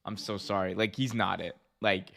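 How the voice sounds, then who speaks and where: A man's voice: fairly low pitch, fairly even intonation, normal speed, gravelly, fairly bright tone. Casual joking male podcast co-host. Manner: joking, does mocking put-on voices. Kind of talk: casual wrestling chat.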